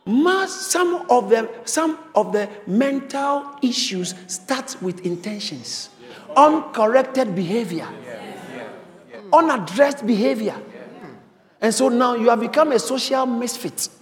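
High-voiced man preaching in an echoing hall. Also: expressive, slow pace. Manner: emphatic, repeats phrases for stress. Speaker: pastor. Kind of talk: sermon. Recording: reverberant hall.

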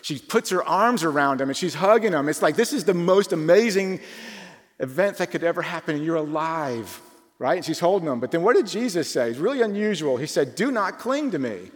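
A man preaching a conversational sermon, informal and full of rhetorical questions, shifting between quick asides and slow emphatic phrases. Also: a little high, lively intonation. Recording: long reverb from a large hall.

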